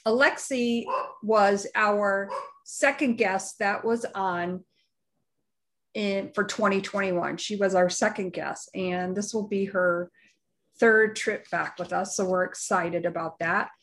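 A woman's voice: mid-range voice, fairly even intonation, slow, fairly bright tone. A woman co-hosting a podcast, chatting in a gushing, effusive way about upcoming guests. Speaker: podcast co-host. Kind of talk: casual chat.

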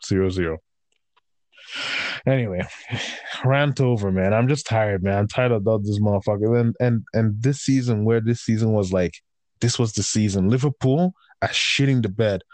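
A man's voice: on the low side, a little mellow, dry recording. A man ranting in casual chat, heated and profane, swinging between raised outbursts and tired, fed-up grumbling.

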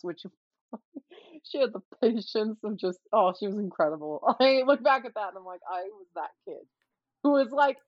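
A woman's voice: medium pitch, no echo, muffled recording. A woman co-hosting a casual chat, telling childhood stories with lots of laughter and acted-out quotes. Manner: animated storyteller, laughs often, acts out quoted voices.

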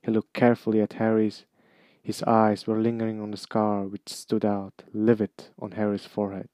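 Low flat-voiced man reading a story. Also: moderate pace, no room sound. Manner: steady reading with occasional slips and restarts. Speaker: reader. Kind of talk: amateur audiobook reading.

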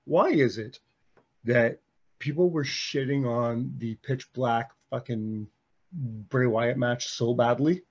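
A man co-hosting a casual podcast, excitable and quick to swear, often restarting his sentences. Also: medium pitch, breathy edge, lo-fi sound. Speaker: podcast co-host. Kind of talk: casual wrestling chat.

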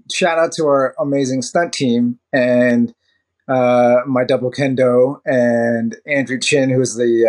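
Chatty man guest, laughing often. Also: a little high. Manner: rambling with restarts and laughs. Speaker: podcast guest, actor. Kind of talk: casual interview chat.

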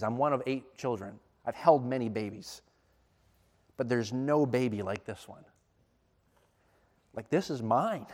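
Animated man preaching in a reverberant hall. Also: medium pitch. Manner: animated, emphatic storytelling with rising intensity. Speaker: speaker. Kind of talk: sermon storytelling.

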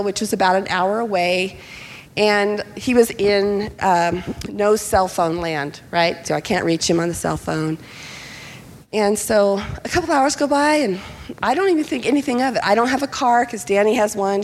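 A middle-aged woman pastor telling a personal story in a sermon, animated and acting out the voices of the people in it. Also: mid-range voice, slight background noise. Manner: animated, acts out quoted voices. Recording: long hall reverb.

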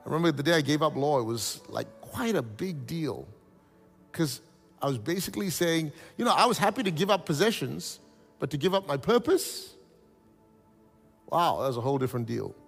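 A man's voice: on the high side, moderate pace, vocal fry, husky, long reverb tail, faint music behind. A man preaching a sermon as pastor, telling stories with animation and calling on the congregation to repeat after him. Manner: animated storytelling preacher, calls out congregation responses. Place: church hall.

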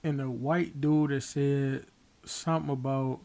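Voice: medium pitch, animated, normal speed, vocal fry, a little mellow. An adult in a casual chat, making wry, slangy and profane remarks.

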